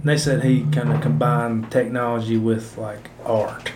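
A man's voice: mid-range voice, level tone, a little slow, loud music behind the voice. Laid-back male storyteller, casual and slangy, echoey room. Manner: laid-back storyteller, slangy, imitates his old coach. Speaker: podcast co-host telling stories. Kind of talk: casual chat. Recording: echoey room with faint noise.

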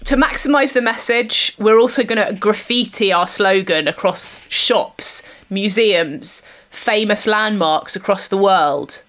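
A woman, co-hosting a comedy podcast, pitching an absurd protest stunt with mock-earnest conviction. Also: measured pace, a bit bright. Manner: earnest mock-activist delivery, breaks into laughter.

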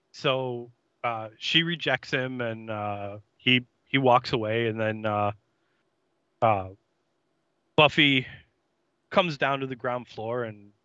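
A man's voice: mid-range voice, sharp tone, smooth, no echo, lo-fi sound. A man co-hosting a podcast, recapping an episode in casual, hesitant chat with many fillers. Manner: chatty, hesitant, many fillers and voiced quotes. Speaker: podcast co-host.

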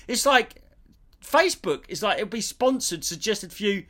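A man's voice: high-pitched, moderate pace. A man co-hosting a casual podcast, rambling playfully through odd theories. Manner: animated, rambling, playful conspiracy musing. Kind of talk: casual chat.

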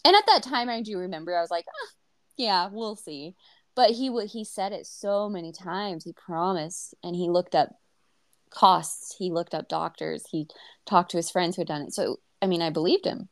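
A woman's voice: lowish voice, expressive, moderate pace, no room sound, studio quality. A woman in her thirties telling a personal story on a podcast, candid and emotional, with many fillers and restarts. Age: 30s. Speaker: podcast host.

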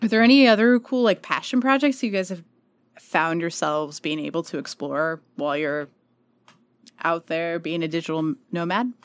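A woman's voice: fairly low pitch, normal speed, no echo. A woman co-hosting a podcast in casual chat, chatty and laughing often, with many fillers. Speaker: podcast co-host.

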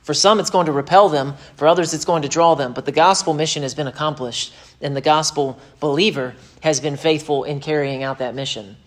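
A pastor preaches with emphasis, punching key phrases and dropping into quick asides. He slips into mocking voices when he quotes others. His voice sits a little high for a man. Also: steady tone. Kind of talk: sermon.

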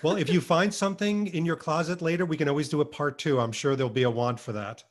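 A man's voice: a little high, fairly even intonation, quick pace. A man hosting an interview, effusive and encouraging toward his guest, then signing off for his channel. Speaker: host. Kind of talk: casual interview, channel sign-off.

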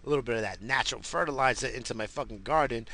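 A man who is high rambles through a profane, slang-heavy comic rant. His voice is gravelly with plenty of fry. The tone is hard-edged and very bright. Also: very fast, slight background noise. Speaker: commentator.

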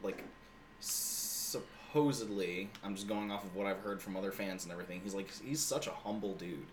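A man's voice: fairly low pitch, normal speed, slight background noise. A man in casual chat, laid-back and hesitant, with many ums and likes.

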